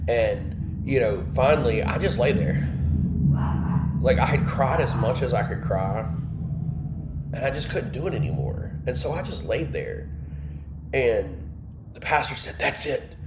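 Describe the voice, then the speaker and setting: A man's voice: medium pitch, reverberant, background noise. A man hosting an online Bible study, candidly sharing an emotional personal testimony and breaking off to answer his live chat.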